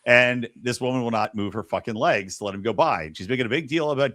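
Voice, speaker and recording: A man's voice: mid-range voice, expressive, quick pace, a bit bright, no echo. A man hosting a podcast, telling the story of a TV episode in casual chat and acting out the characters' lines. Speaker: podcast host.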